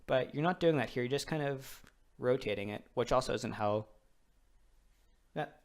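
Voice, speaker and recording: A man's voice: mid-range voice, moderate pace. Rambling young man gaming. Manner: rambling, loose, swears casually. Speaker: let's play host. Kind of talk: casual gameplay commentary.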